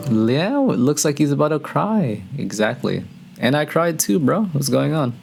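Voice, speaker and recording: Gravelly-voiced man reacting excitedly. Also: normal speed, music in the background. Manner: excitable, slangy, talks to viewers as "bro"; breaks into excited high exclamations. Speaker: music reaction host. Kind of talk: casual reaction commentary.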